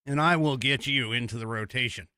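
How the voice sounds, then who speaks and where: A man's voice: medium pitch, a little fast, sharp tone, no echo, clean studio sound. A man from the United States hosting a live podcast, talking in a rambling, chatty way with lots of fillers and restarts. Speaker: host. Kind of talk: live-stream podcast talk.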